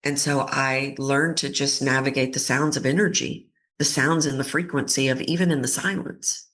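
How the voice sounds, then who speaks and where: A woman's voice: very deep voice, normal speed. A woman voice coach giving an interview on a podcast, talking expressively and acting out the voices of people in her stories. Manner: expressive, acts out quoted voices. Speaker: voice coach guest.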